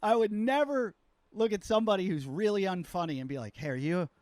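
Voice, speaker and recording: A man's voice: sits high, sing-song, a little fast, a little mellow, no room sound, studio quality. A man hosting a podcast as a comedian, telling rambling, self-mocking stories in casual chat.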